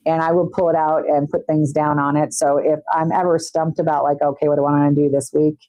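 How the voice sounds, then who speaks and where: Woman, chatty live streamer, teasing, lowish pitch, mellow tone, dry close sound. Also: flat delivery, brisk, no echo, low-quality recording. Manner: chatty, teasing, talks to chat while working. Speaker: nail artist streamer. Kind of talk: casual live-stream chat. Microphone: wireless mic.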